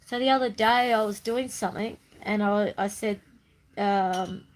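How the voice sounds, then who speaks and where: A woman's voice: mid-range voice, a little slow, poor audio. A woman talking casually to the camera in a bubbly, chatty way, with playful sing-song bursts. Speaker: spiritual vlogger. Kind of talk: casual monologue.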